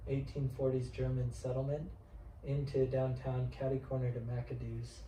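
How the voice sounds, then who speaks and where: A talkative Texan man rambles about his auction business in a relaxed interview. He sits away from the mic in an echoey room, with faint noise behind him. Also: medium pitch, normal speed, recorded from a distance. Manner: talkative, rambling with restarts and asides. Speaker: auctioneer and antiques specialist. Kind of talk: casual interview chat.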